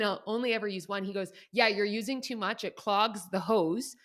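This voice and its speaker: A woman's voice: medium pitch, moderate pace, few pauses. A young adult woman co-hosting a podcast, telling a story in casual chat, quoting people and laughing often. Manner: animated storyteller, laughs often, quotes others. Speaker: podcast co-host.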